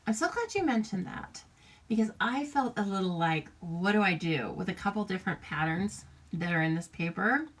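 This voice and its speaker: An American woman with an animated, mid-range voice talks fairly quickly through a casual live papercraft demonstration. She greets viewers by name and laughs often.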